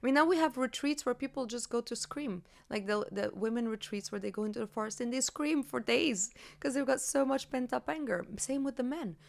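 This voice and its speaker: Earnest, expressive woman podcast host. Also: on the high side, brisk, creaky, few pauses. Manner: earnest, expressive, animated when making a point. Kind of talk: reflective conversational talk.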